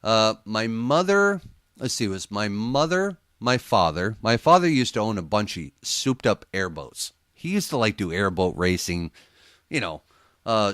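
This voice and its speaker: A man telling a story casually as a guest on a radio interview, animated and laughing often as he acts out what people said. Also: fairly low pitch, smooth, no echo, clean studio sound. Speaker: paranormal investigator guest.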